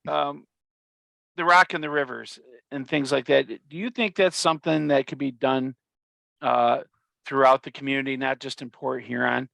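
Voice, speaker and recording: A male podcast host with a bright, gravelly voice asks long, meandering questions. The recording is dry and close, with no room sound. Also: mid-range voice, fairly even intonation, moderate pace, no echo. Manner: rambling questions, full of fillers. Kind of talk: casual podcast chat.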